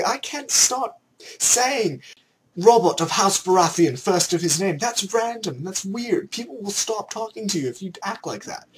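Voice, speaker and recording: A young man from Canada ranting excitedly in a vlog, slipping into mock voices as he goes. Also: high-pitched, a little hiss or hum. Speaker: vlogger.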